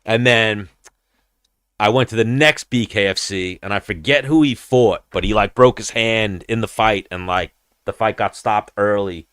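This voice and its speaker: A young man hosts a podcast, rambling through a long, profane story in casual chat and acting out the voices of the people in it. His voice sits on the low side, with a fairly bright, clear and resonant tone, at a moderate pace. The sound is clean studio quality with no room sound.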